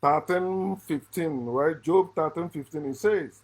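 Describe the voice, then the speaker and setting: Husky-voiced man giving a fiery monologue. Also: unhurried, few pauses. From Africa. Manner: swings from loud high emphasis to low muttered asides; restarts and rephrases often. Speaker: channel host. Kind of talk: emphatic spoken commentary monologue.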